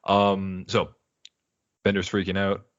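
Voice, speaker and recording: A man's voice: deep voice, slow, no room sound, muffled recording. A man co-hosting a podcast, rambling through a casual episode recap and slipping into character quotes. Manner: rambling, animated retelling with put-on character quotes. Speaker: podcast co-host.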